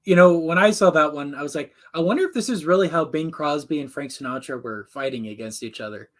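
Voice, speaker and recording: A man in casual chat about classic cartoons, enthusiastic and quick to quote characters. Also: on the high side. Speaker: co-host reviewing classic cartoons.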